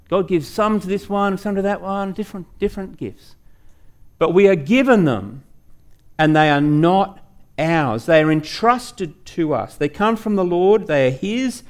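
A man preaching a sermon as pastor, emphatic, slowing down to stress key words and questioning his congregation directly. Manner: rises and falls sharply in pitch and loudness.

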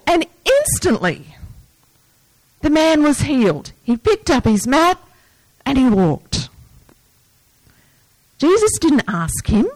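A woman's voice: high-pitched, slow, long pauses, no echo, rough recording. A woman preaching a sermon in an earnest, plain manner, reading scripture and asking the listeners questions. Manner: earnest, breaks into lively movie-yelling asides.

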